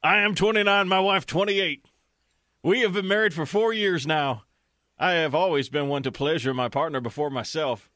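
A man's voice: fairly high pitch, moderate pace, bright, forceful tone, dry recording, studio quality. A young man co-hosting a comedy podcast, reading a listener's letter aloud with frequent chuckles and side remarks. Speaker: podcast co-host.

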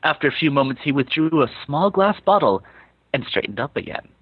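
A man's voice: a little high, sing-song, a little fast, breathy edge, no echo, muffled recording. A man reading fan fiction aloud for comedy, breaking off now and then to laugh and comment.

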